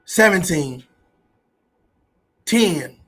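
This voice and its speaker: A man who is a parent, ranting as an online commentator to his audience, profane and incredulous, with bursts of shouting. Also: high-pitched, animated, very slow, breathy edge. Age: adult parent. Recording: faint background music.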